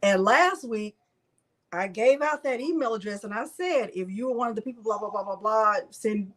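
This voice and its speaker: A woman's voice: medium pitch, moderate pace. A middle-aged woman hosting a craft livestream, chatting casually and emphatically repeating herself to viewers. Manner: repetitive, emphatic, talks to viewers.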